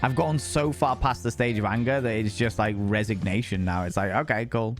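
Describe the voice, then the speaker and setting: A young streamer from England with a Northern English Hull accent chats casually with his live chat, faint music playing behind him. His voice is on the low side and fairly even, his pace brisk. He jokes, swears freely, and slips into other accents.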